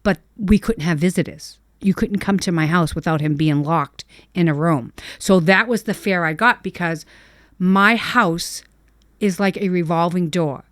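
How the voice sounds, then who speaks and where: An older woman, a dog owner and podcast guest, telling a family story in a casual, animated way and acting out what people said. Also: lowish voice, a little slow, dry recording, studio quality. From Boston area. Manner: animated, acts out family members' voices in quotes.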